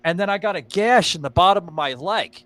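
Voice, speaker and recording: A podcast host, a man with a fairly high, bright and forceful voice. He rambles through his stories with excitable energy, cursing freely as he goes. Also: brisk. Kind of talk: casual podcast chat.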